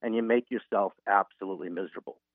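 A man's voice: on the low side, fast, dry recording. A man who is an author and guest, earnestly walking listeners through an example in a radio interview. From Boston. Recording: narrow phone-line sound.

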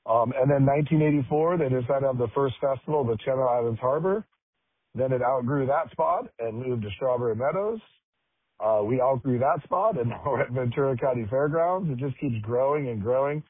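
Friendly man guest, husky voice, hesitant, thin dry radio line. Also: medium pitch, a little fast, dry recording. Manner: friendly, hesitant with many uhs. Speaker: festival chair, guest. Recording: dry phone-like radio sound.

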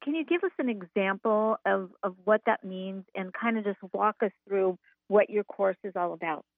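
A woman's voice: mid-range voice, normal speed, no room sound. A woman hosting a radio talk show, chatty and enthusiastic, with fillers as she introduces her guest. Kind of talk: upbeat radio interview. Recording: narrow phone-line sound.

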